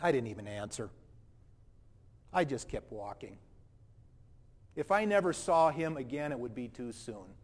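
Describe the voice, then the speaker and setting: A man acting out a proud, indignant wealthy young man in a dramatic first-person monologue, with animated, defensive delivery and a long hall reverb. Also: mid-range voice, a little slow, long pauses, pitched below the performer's own voice. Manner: animated, defensive, self-righteous.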